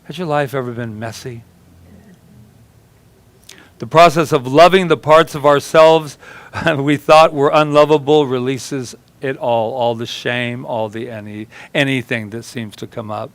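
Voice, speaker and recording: A man's voice: medium pitch, steady tone, measured pace, no room sound. Chatty, joking male minister. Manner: chatty, joking, laughs while talking. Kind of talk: conversational sermon with storytelling. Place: church service.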